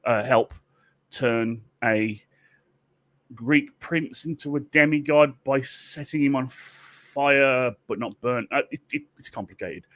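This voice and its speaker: Tipsy male storyteller, rambling and profane, lively delivery, dry close recording. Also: on the high side, no room sound. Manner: rambling, profane, with many restarts. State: tipsy from drinks.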